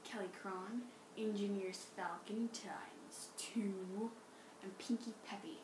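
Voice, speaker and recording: A young woman co-hosting a knitting podcast with her mother, giving brief, low-key replies. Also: steady tone, slow pace. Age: young adult. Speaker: podcast co-host, daughter. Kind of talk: casual chat. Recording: roomy echo, clear background noise.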